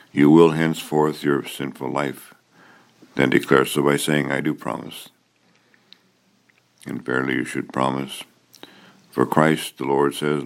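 Super deep voiced pastor guy reading liturgy, slow measured cadence.

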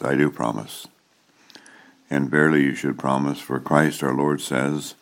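A man serving as pastor, leading a church liturgy with a solemn, measured cadence. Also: a bass voice.

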